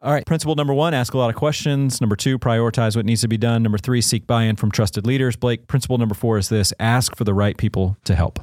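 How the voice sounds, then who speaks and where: A man's voice: mid-range voice, fast, few pauses, darkish tone, no room sound, clean studio sound. A man hosting a podcast, recapping points and prompting his guests in a friendly way. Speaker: podcast host. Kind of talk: podcast conversation and read ad.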